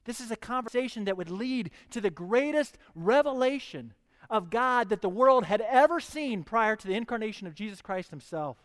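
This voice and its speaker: This sermon comes from a man with a high voice, recorded in a large room. After reading scripture aloud, he preaches with growing intensity and presses his listeners with questions.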